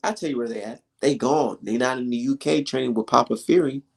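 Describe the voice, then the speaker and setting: A man's voice: mid-range voice, fairly quick, creaky, slightly rough. Heated, swearing man ranting about boxing. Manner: heated, swearing, full of rhetorical questions; laughs between points. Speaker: boxing commentator and vlogger. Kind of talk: casual ranting commentary.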